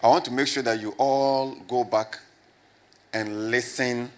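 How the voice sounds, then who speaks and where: A man's voice: mid-range voice, fairly even intonation, a little slow. A middle-aged man, a pastor, preaching a sermon and asking his congregation to repeat his words back. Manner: call-and-response preaching, repeats questions to the crowd.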